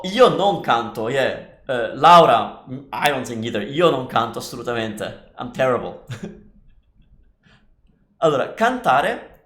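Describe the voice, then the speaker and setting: A man's voice: on the high side, a bit bright. A man teaching a live online lesson, chatty and explaining step by step while answering viewer comments. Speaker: Italian teacher. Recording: echoey room.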